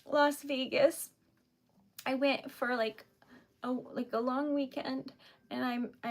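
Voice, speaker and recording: A young woman, chatting casually on a live stream, giggly and emotional with lots of fillers. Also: sits high. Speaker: livestreamer.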